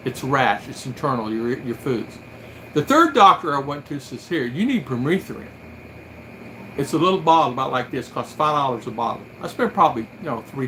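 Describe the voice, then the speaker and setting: A man's voice: a little high, pushed and bright, slight background noise, low-quality recording. An older man from the United States hosting a casual livestream, telling rambling stories and acting out the voices of people he quotes. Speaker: livestream host.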